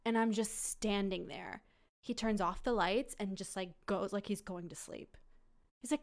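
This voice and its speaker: Animated young woman telling a story. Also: medium pitch, moderate pace. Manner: animated, laughing, acts out quotes loudly. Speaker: podcast guest and producer. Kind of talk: casual storytelling.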